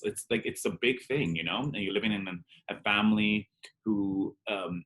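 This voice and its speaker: Candid man, low voice, acting out dialogue. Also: moderate pace, fairly bright tone. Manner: candid and emotional, acts out dialogue, peppered with "like". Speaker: drag performer and interview guest. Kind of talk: personal storytelling in an interview.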